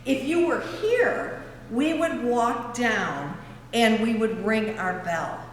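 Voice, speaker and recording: Slow-talking woman in an echoing church. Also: on the high side, lively intonation, slight background noise. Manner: slow, friendly teacher-like questions to kids. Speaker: church guide for a school field trip. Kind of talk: virtual tour for young children. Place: large church sanctuary. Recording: echoey church hall, from afar.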